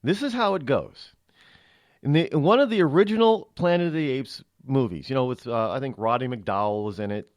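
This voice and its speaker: A man's voice: medium pitch, lively intonation, a little fast, no room sound. A man hosting a talk radio show, delivering a rambling, opinionated monologue into a studio microphone.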